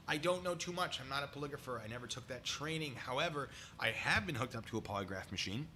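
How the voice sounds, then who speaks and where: A man's voice: mid-range voice, expressive, moderate pace, over music. A man in the middle of his range chats through a casual live stream, close to his desk mic. He rambles and drifts into asides aimed at his viewers. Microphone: desk mic pulled close.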